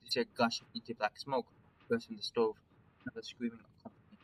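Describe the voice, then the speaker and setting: A man's voice: medium pitch, little pitch movement, fast, fairly bright tone, low-quality recording. A man reading a visual novel aloud in a dramatic first-person storytelling manner. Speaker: narrator.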